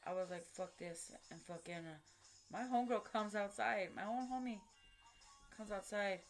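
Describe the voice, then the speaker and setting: A woman's voice: mid-range voice, moderate pace, soft background music. A woman telling a personal story to camera, blunt and profane, in street slang with lots of fillers. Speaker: vlogger.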